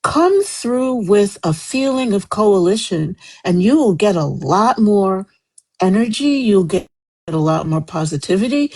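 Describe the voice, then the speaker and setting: A woman with a husky, breathy edge speaks out in a live stream debate. She argues with conviction and climbs higher as her frustration builds, then pulls back with apologies. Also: lively intonation, a little slow, a little mellow, low-quality recording. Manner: passionate, rising to heated, then apologetic.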